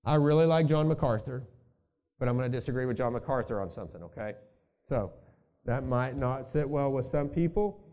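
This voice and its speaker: Man, pastor, conversational sermon, slightly high voice, warm tone. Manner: conversational, thinking aloud with asides.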